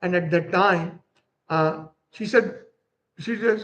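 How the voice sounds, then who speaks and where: A man's voice: sits high, slow pace, a bit bright, poor audio. A man giving a devotional lecture, animatedly telling a story and acting out its characters. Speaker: spiritual teacher.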